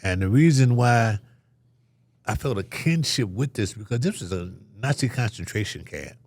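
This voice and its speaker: A man's voice: medium pitch, animated, moderate pace, darkish tone, no room sound. An older man telling a story as an interview guest, acting out the voices of the people in it.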